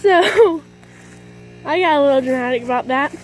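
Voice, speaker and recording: A young woman casually telling a story to her vlog camera, excitable and a bit dramatic, often giggling. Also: high voice, a little fast, a little hiss or hum. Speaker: vlogger.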